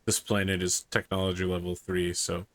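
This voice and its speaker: A man narrating as game master of a tabletop role-playing game, relaxed and explaining rules with dry humor. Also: sits low, normal speed.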